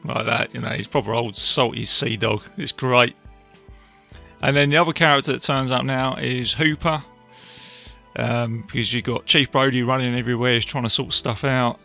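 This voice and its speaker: A man casually recapping a film, chatty and enthusiastic, tossing in quick impressions of lines. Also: medium pitch, steady tone, creaky, pushed and bright, faint music behind. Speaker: film reviewer.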